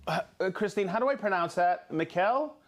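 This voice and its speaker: High-voiced joking male livestream host. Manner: jokey, stumbles over place names, quick asides. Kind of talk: reading viewer shout-outs on a live show.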